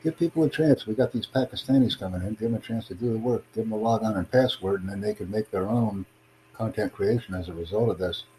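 A man's voice: fairly low pitch, fast, mellow, slight background noise, low-quality recording. A man hosting his own livestream podcast, chatting casually with callers in a rambling, repetitive, self-promoting way. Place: in the United States.

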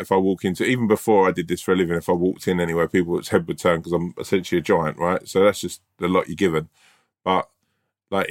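A man co-hosting a podcast, talking casually and storytelling with lots of restarts and quoted voices. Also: low voice. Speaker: podcast co-host. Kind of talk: casual chat.

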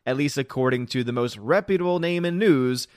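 A man's voice: medium pitch, brisk, no echo, clean studio sound. A man hosting a live stream, sarcastically greeting viewers and reading chat while fighting a cold.

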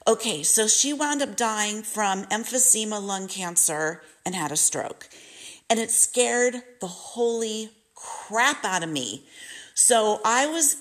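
A woman vlogger shares a personal story in a candid, confiding way, talking straight to her viewers. She speaks at a slow, unhurried pace. Her pitch sits at an ordinary middle level. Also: lively intonation, fairly bright tone.

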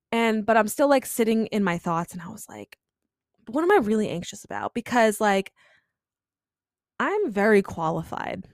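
A woman's voice: lowish voice, no room sound, studio quality. A young woman hosting a podcast, telling a personal story in a chatty, confessional way, full of "like" and "you know.". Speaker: podcast host.

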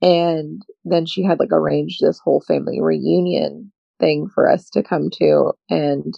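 A woman's voice: low-pitched, steady tone, unhurried, vocal fry, slightly rough, no room sound. A young woman co-hosting a podcast, talking candidly and rambling with lots of "like". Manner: rambling, heavy use of "like". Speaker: podcast co-host. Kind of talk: candid personal podcast chat. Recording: dull, dry lo-fi sound.

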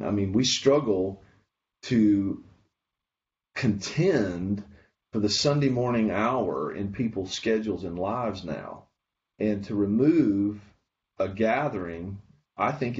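A man with a lowish voice makes his case earnestly in casual podcast talk. He slows down to stress his points. The recording is a little dull and lo-fi. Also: a little mellow. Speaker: podcast co-host. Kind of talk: casual chat.

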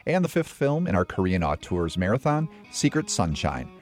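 Relaxed male film podcast co-host. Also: low voice, moderate pace, soft background music. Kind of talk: casual film talk and ad reads.

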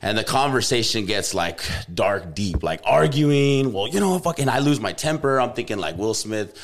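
Low-voiced laid-back young man. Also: animated, moderate pace. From Albuquerque, New Mexico. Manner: laid-back, slangy, says "bro" constantly. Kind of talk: casual storytelling chat.

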